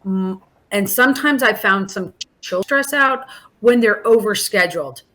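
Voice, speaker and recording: A woman in her forties, mid-pitched, speaking as a daycare provider in a relaxed podcast chat. She talks warmly and loosely, circling back with fillers and restarts as she explains. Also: normal speed. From Alaska. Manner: warm, chatty, many restarts and fillers. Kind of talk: casual podcast interview.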